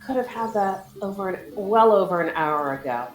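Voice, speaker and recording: A woman commentating a game in an expressive, playful way. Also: mid-range voice, normal speed, reverberant, soft background music, low-quality recording.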